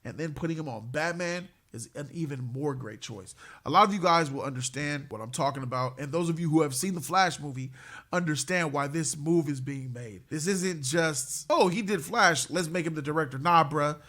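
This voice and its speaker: Male fan-channel host, slightly high-pitched, casual hyped commentary, heavy on "bro" slang. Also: moderate pace. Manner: slangy, excitable, says "bro" constantly. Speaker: host of a superhero movie news channel.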